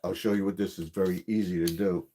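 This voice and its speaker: A man's voice: sits low, steady tone, fast talker, dark tone, a little hiss or hum. A man hosting a gardening channel's live stream, explaining equipment in a casual, repetitive way with many fillers.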